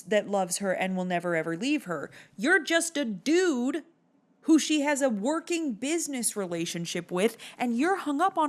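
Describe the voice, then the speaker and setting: A woman's voice: on the high side, expressive, moderate pace. A woman giving sardonic, exasperated commentary for a video essay that reviews a film.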